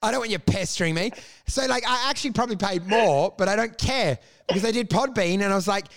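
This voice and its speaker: High-pitched, excitable, swearing man. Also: fast talker. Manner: excitable, swears a lot, laughs often; acts out imagined exchanges loudly. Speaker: podcast host. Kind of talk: casual podcast chat.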